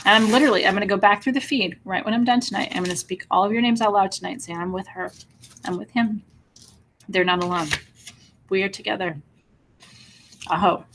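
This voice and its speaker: A woman hosts a spiritual live stream in a mid-pitched voice, speaking tenderly and reassuringly to her viewers. She calls them out by name and talks with open, heartfelt emotion. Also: fairly bright tone, slight background noise. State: teary at moments. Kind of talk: live-stream chat reading viewer comments.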